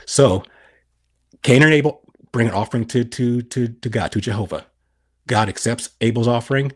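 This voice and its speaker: A man's voice: medium pitch, normal speed. A middle-aged man on a podcast explaining scripture, asking and answering his own questions. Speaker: podcast guest.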